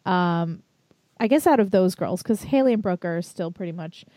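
A woman in relaxed podcast chat who teases and drives the conversation with questions. Her voice is warm and mellow. The recording is dry and close. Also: fairly low pitch, normal speed, no echo. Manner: teasing, asks guests questions. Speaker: podcast co-host. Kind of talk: casual chat.

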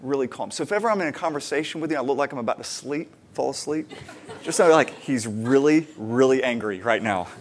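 A man in his thirties, a pastor and parent, preaching a conversational sermon with fillers and lively retellings. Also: medium pitch, a little fast, a little hiss or hum.

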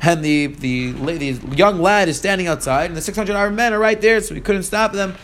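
A man's voice: sits high, normal speed, fairly bright tone. A man teaching a verse-by-verse text lesson, reading Hebrew verses aloud and then retelling them in casual English. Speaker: Torah teacher.

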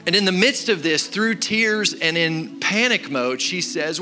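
A man in his thirties preaching a sermon as pastor, telling a story with animated shifts from loud to quiet. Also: sits high, a little slow. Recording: sermon with music behind. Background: music.

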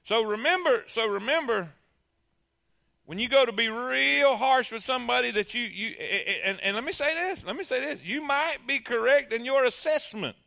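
A man's voice: extremely high pitch, animated, moderate pace, gravelly, bright, forceful tone. A man preaching a sermon, emphatic and calling on the congregation to answer.

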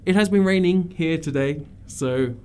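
A man's voice: on the high side, moderate pace, a little mellow, smooth. A man co-hosting a radio chart show, chatting playfully and joking around. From Australia. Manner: playful, jokey. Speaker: radio guest co-host. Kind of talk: casual chat.

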